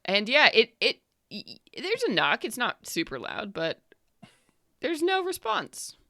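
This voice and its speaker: A woman's voice: fairly high pitch, wildly swooping pitch, a little slow, pushed and bright, no room sound, clean studio sound. A woman narrating as game master for a tabletop game, describing scenes in a rambling way full of likes and uhs.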